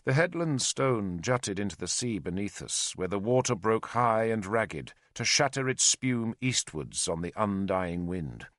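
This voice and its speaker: A man's voice: on the low side, very animated, measured pace, few pauses, a bit bright, dry recording, studio quality. A man narrating a historical novel in the first person, in a lyrical, storytelling manner. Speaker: audiobook narrator.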